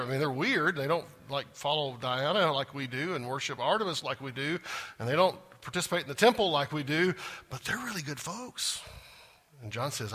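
A man's voice: on the high side, expressive, normal speed, sharp tone. A man preaching a sermon, chatty and self-joking, asking the congregation questions. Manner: conversational, asks the congregation questions, jokes at himself. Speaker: pastor. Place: church sanctuary.

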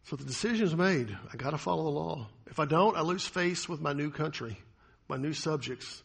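A man's voice: on the high side, animated, a little fast, gravelly, slightly rough. A man preaching a sermon as pastor, talking in a conversational way and asking the congregation questions.

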